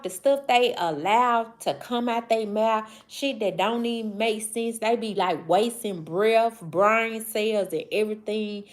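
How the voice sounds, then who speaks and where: A woman in her forties from the American South with a Mississippi Southern accent, hosting a casual livestream and greeting viewers by name. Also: mid-range voice. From Southern United States. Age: 40s. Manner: drawling, slow, affectionate, shout-outs to viewers. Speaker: livestream host. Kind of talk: casual livestream chat reading comments.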